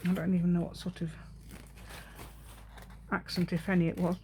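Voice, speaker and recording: A woman's voice: fairly low pitch, level tone, normal speed, warm tone. Woman, fifties, rambling craft chat, thinks aloud, laughs a lot, faint background noise. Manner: rambling, talks to herself while working, laughs often. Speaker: craft vlogger. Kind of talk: chatty crafting vlog.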